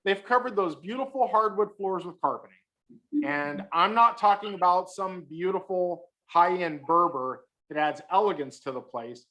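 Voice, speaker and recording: With a sharp tone and a voice that sits high, the guest speaker keeps a moderate pace on the video call. His talk is comic, teasing the listeners while he builds a story toward its punchlines.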